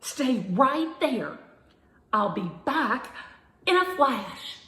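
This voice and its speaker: A woman voicing a cheerful, excitable female beagle puppy, high and bouncy. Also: extremely slow, heavily acted. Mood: excited. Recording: roomy echo.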